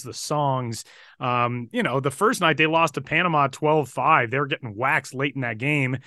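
A man, a baseball broadcaster, telling stories on a podcast in a casual, energetic way with some fillers. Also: medium pitch, no echo, studio quality. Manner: energetic, animated retelling with fillers.

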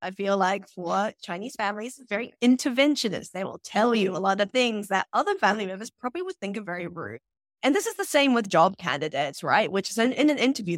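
A woman, co-hosting a casual podcast discussion, thoughtful and animated, often adding "like" and "right?". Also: medium pitch, dry recording, studio quality. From New Zealand. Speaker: podcast co-host.

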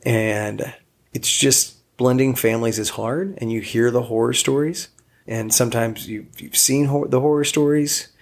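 A man's voice: medium pitch, steady tone, moderate pace. A man co-hosting a couple's podcast, earnest and joking, who turns to make asides to the listeners in casual chat. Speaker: podcast co-host.

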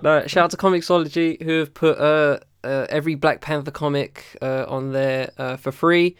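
A man's voice: fairly high pitch, steady tone, moderate pace, smooth, no room sound, clean studio sound. A man co-hosting a podcast in a loose, rambling chat, full of fillers and swearing. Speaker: podcast co-host. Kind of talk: casual chat.

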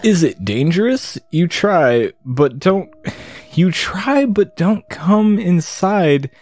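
A woman's voice: on the low side, animated, takes it slowly, a little mellow, voice pushed up. A woman voicing a haughty, bossy male rat king, reading game dialogue aloud in an imperious, demanding way.

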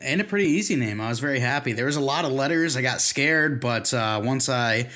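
A man's voice: medium pitch, animated, fairly quick, sharp tone. A man co-hosting a sports podcast in casual chat, easygoing and teasing. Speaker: podcast co-host.

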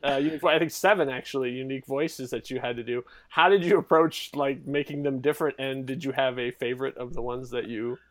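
A man's voice: medium pitch, steady tone, quick pace, few pauses. A man hosting a podcast about his audio production, upbeat and playful as he asks questions. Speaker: podcast host, writer-director. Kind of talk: casual podcast chat.

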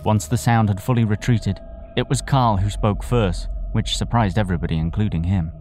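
A man narrates a comic audio drama in a low, mellow voice. His delivery is dry and wry, with a faint hiss of background noise behind him. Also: moderate pace.

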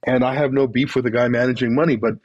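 Man, husky, emphatic, mocking asides, dry close sound. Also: mid-range voice, steady tone, quick pace, darkish tone, no room sound, highs cut off. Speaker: interview guest. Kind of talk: impassioned political commentary.

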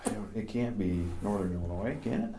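A man co-hosting a sports podcast, talking through guesses out loud in a casual way. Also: on the low side, animated, a little hiss or hum. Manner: quick, thinks aloud. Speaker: podcast co-host. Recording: echoey room.

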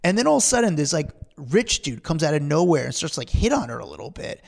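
Fast-talking man telling stories on a podcast. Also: on the high side, gravelly. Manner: rambling, animated, acts out quotes. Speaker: podcast co-host. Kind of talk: casual storytelling chat.

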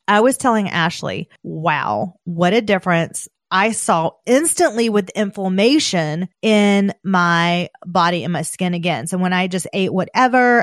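A woman in her thirties from the American South, with a Southern accent, chatting casually as a podcast host and gushing with excited exclamations. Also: on the low side, no room sound, clean studio sound. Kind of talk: casual chat.

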